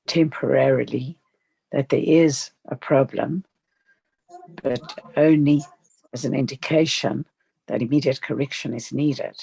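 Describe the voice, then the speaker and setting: A study group member reading a spiritual text aloud in a slow, halting way with small slips. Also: mid-range voice, creaky, darkish tone, breathy edge, dry recording.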